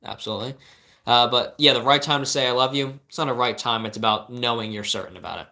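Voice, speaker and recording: A man's voice: mid-range voice, steady tone, fast talker, pushed and bright. A young man, a life coach, giving casual live-stream advice to viewers, earnest and rambling with many restarts.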